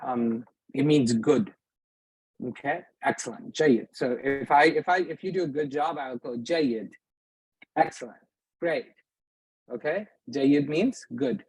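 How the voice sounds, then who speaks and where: Man, classroom teacher, patient, husky voice, dry close sound. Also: fairly high pitch, expressive, measured pace, a little mellow, no echo, low-quality recording. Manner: patient, checks often with students. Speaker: Arabic teacher. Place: mosque classroom.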